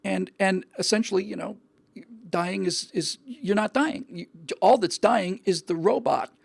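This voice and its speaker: A man's voice: high-pitched, measured pace, creaky, husky, no room sound. A male show host giving an earnest opinion monologue, often repeating words and restarting his sentences.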